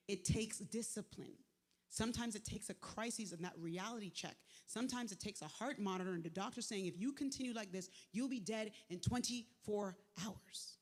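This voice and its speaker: A speaker in their forties, giving a live inspirational talk in animated storytelling mode. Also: medium pitch, big-room sound. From Montreal, Canada. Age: 40s. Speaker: speaker at a faith event. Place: large venue, live on stage.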